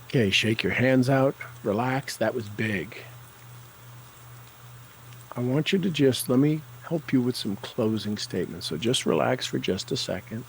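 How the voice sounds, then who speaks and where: Slow-speaking man guiding affirmations. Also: mid-range voice, animated, slight background noise, rough recording. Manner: slow, deliberate, coaching tone. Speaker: tapping session guide. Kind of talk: guided tapping affirmations.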